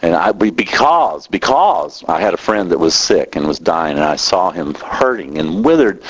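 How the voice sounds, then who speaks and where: A man's voice: very animated, normal speed, hardly any pauses, husky, low-quality recording. A middle-aged man preaching a sermon as a minister, talking with growing passion. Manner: impassioned, rising in pitch when emotional.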